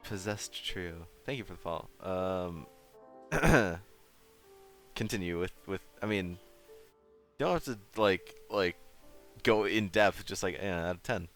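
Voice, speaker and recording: A man's voice: low-pitched, fairly bright tone, soft background music. A man hosting a livestream, chatting casually with many fillers and restarts. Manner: halting, filler-heavy. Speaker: livestream host. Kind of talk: casual chat.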